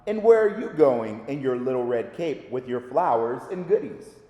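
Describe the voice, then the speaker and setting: A man's voice: medium pitch, expressive, normal speed, mellow, pitched below the performer's own voice, natural voice. A man doing a sly growly storybook wolf. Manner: sly, growly, mock-sweet. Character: sly hungry big male wolf. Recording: echoey reverberant room.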